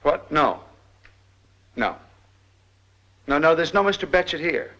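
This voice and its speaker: A jittery, deferential aide. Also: male voice, on the high side, lively intonation, slow pace, sharp tone, highs cut off, full character voice. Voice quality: stammering, apologetic. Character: nervous, deferential young male aide. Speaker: personal aide.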